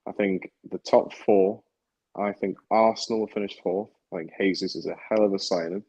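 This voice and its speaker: Man, deep voice, dry sound, football fan co-host, opinionated, live watchalong chat. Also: fairly even intonation, moderate pace, a little mellow, slightly rough, no echo, lo-fi sound. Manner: opinionated, rattles off predictions.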